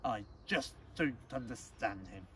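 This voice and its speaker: A man's voice: a little high, very animated, normal speed, slight background noise, voice pushed up. A man reading a storybook aloud, voicing a stern, proud father cat who scolds. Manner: gruff, scolding.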